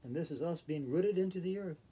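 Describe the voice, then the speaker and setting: A man leading a yoga routine in a gentle, playful, chatty way. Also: fairly high pitch, a little fast, lo-fi sound, slight background noise. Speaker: yoga instructor. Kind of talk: guided yoga instruction.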